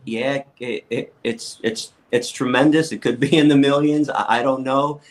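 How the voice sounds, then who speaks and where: Male podcast guest, mid-range pitch, blunt storyteller who stammers and restarts. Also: steady tone, moderate pace, rough recording. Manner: blunt and outspoken. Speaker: interview guest, activist.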